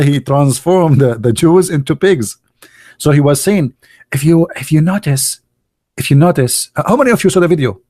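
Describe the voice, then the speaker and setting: A sarcastic man from the Middle East holds forth in English, slipping in fillers and laughing at his own jokes. His voice sits a little high and sounds close and dry, with no room behind it. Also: a little mellow, no echo. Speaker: channel host. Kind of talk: mocking monologue.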